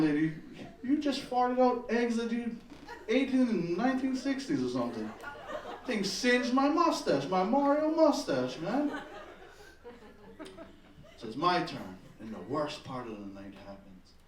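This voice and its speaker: A man telling a profane, animated story in a stand-up comedy set on a club stage. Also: a little high, roomy sound, far from the mic.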